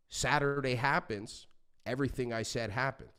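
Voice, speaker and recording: A man talking as a podcast guest, telling stories in a passionate, animated way and swearing freely. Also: mid-range voice, normal speed, clear, resonant tone. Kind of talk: casual interview talk.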